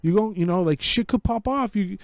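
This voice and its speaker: A man's voice: high voice, a little fast, creaky, dry recording, studio quality. A man co-hosting a podcast, ranting casually about a movie, swearing and slipping into Spanish slang. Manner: rambling, profane, code-switching into Spanish slang. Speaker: podcast co-host. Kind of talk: casual movie review chat.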